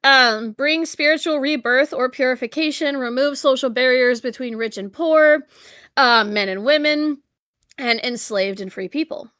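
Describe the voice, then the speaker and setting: A woman's voice: high voice, normal speed, fairly bright tone, dry recording, studio quality. A woman co-hosting a podcast, chatting casually and reading from notes, giggling often, stuttering and swearing freely. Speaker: podcast co-host.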